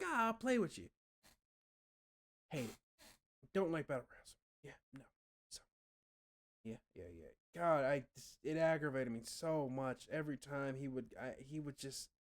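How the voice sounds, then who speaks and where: A man's voice: mid-range voice, darkish tone. A young man streaming and chatting casually with viewers, rambling, swearing often and trailing off mid-thought. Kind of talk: casual chat answering viewers.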